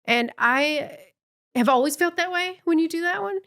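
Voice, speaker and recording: A woman from the American South co-hosting a podcast in casual chat. She talks frankly, pushes back with questions and adds quick agreeing remarks. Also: very high voice, expressive, a bit bright. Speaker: podcast co-host.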